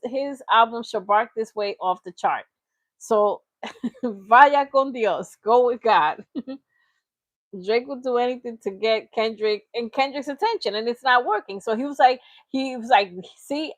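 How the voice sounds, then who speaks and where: A young woman rambles through casual commentary in a mocking, playful tone, tossing in made-up words. Her voice sits a little high. The recording is dry and close, with no room sound. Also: dry recording. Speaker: reaction channel host.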